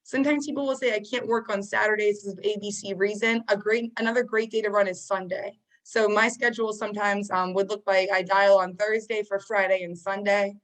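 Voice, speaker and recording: A woman's voice: medium pitch, steady tone, a little fast, few pauses, poor audio. A woman coaching sales agents on a training call, talking casually and encouragingly, with frequent fillers. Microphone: video call.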